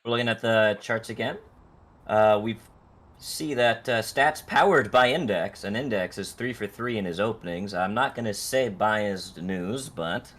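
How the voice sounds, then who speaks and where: A man's voice: on the low side, unhurried, a bit bright. A man doing casual color commentary on an esports match, chatty, full of uh fillers, acting out what players might say. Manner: chatty, many uh fillers, acts out players' lines. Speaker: esports co-caster.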